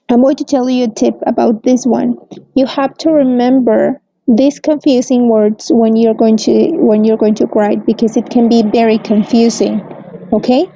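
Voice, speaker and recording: Slow, soft-toned teacher woman. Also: a little high, no room sound. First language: Spanish. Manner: slow, careful explaining with frequent "mm-hmm" and "okay". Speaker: English teacher. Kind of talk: recorded language lesson. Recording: dull, muffled, close and dry.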